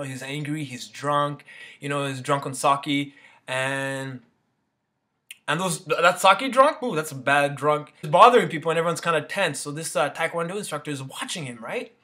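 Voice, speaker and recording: A man's voice: a little high, sharp tone. A man giving a casual motivational talk, rambling and peppering his sentences with "you know" and "right?". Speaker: motivational speaker.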